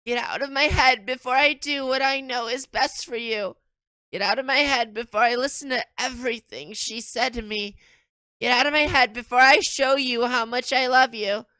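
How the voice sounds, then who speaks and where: A streamer reading a game's lines as an anguished young girl in a frantic, repeating, near-shouting voice. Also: mid-range voice, normal speed, clear, resonant tone, no room sound, voice pushed up, lightly acted.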